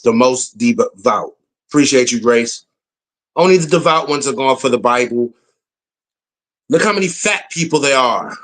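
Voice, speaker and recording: A man's voice: medium pitch, animated, moderate pace, pauses often, fairly bright tone, rough recording. A man hosting his channel, giving blunt, opinionated reaction commentary. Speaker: channel host.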